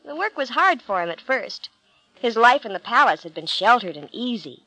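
A woman reading a Bible story aloud, calm and clear in her storytelling. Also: a little high, moderate pace, no room sound, poor audio.

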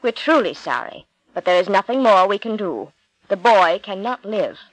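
A woman's voice: medium pitch, sing-song, moderate pace, no room sound, close to an everyday voice, poor audio. Woman reading doctors, grave, apologetic, sorrowful, storybook, dry sound. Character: sorrowful doctors, adult men.

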